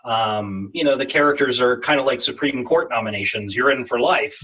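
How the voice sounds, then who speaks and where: A man's voice: mid-range voice, fairly quick, pushed and bright, slightly rough, recorded from a distance, highs cut off. A man, a voice actor guest, telling stories animatedly in a casual interview over a video call and slipping into character voices.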